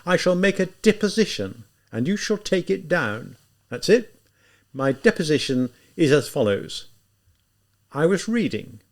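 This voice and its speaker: A man's voice: a little high, very animated, measured pace, pitched above the performer's own voice. A man reading aloud, voicing a feverish, mocking young man who taunts and teases in an audiobook. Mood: sly. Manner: teasing, taunting, sly. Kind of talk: audiobook character voice.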